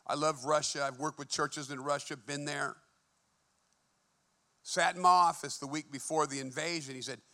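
Male preacher, fervent sermon delivery, bright and tense tone, hushed-to-emphatic swings. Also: on the high side, fairly even intonation, normal speed. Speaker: pastor. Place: church.

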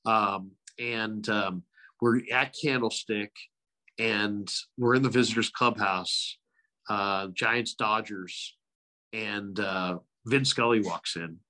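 A middle-aged man, a sports radio broadcaster, telling lively stories as an interview guest. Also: lowish voice, slow. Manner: animated anecdotes, frequent impressions. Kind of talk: casual interview storytelling.

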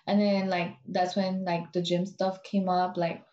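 A woman's voice: fairly low pitch, level tone, unhurried, mellow. A young woman in casual chat, bluntly retelling workplace drama with lots of swearing and fillers. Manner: blunt, profane, full of "like" and "dude". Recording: roomy, dull, lo-fi with faint hiss.

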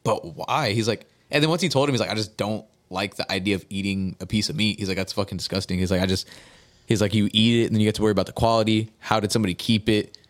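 A man chatting on a podcast at a fast clip, telling a story in a loose, rambling way. He swears heavily, leans on slang, and keeps piling on "he's like" as he retells it. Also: on the low side. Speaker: podcast host. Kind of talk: casual podcast chat.

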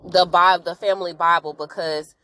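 A young adult woman hosting a podcast, casually recapping an episode with frank, slangy asides and quick acted-out character lines. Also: lowish voice, fairly even intonation, sharp tone, low-quality recording. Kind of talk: casual chat.

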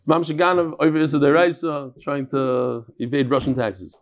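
This is a man leading an animated Talmud lesson. His voice sits a little on the high side. He keeps weaving in Hebrew terms and repeating words for emphasis. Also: moderate pace. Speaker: Talmud teacher. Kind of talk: animated Talmud class with storytelling.

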